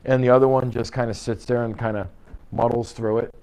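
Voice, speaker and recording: In an office, a man trains a class of real estate agents, speaking in punchy bursts, tossing out rhetorical questions and checking in with "okay?" His mid-range voice is brisk and darkish with little pitch movement. The tone is clean.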